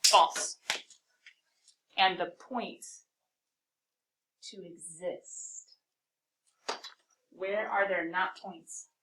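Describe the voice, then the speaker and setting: A woman teaching a calculus class, talking through a problem and firing quick questions at her students. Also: lowish voice, steady tone, bright, forceful tone, recorded from a distance, low-quality recording. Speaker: math teacher.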